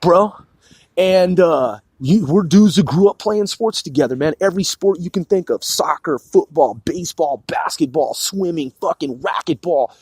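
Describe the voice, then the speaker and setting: This forties-aged male podcast host goes it alone in a loose, profane monologue, stuffing every gap with "man" and sprinkling in "bro." He sounds fairly high, a little mellow and husky, with lively intonation, recorded without echo.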